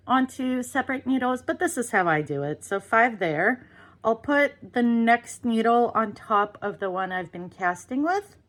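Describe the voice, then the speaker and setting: Woman knitting teacher, unhurried and chatty, fillers throughout, mid pitch. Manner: relaxed, unscripted, many ums and uhs. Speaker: knitting instructor. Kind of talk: casual how-to demonstration.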